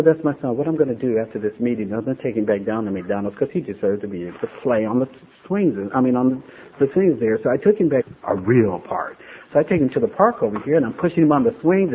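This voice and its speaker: A middle-aged man gives an earnest, emotional personal testimony about his recovery to a live gathering. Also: medium pitch. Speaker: speaker sharing a recovery story. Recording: tinny phone-like lo-fi audio.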